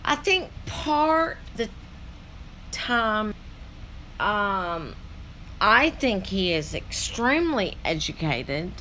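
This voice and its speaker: A woman's voice: medium pitch, very animated, very slow, long pauses, bright, forceful tone, slight background noise. A woman hosting a reaction video, rambling in casual commentary with many fillers.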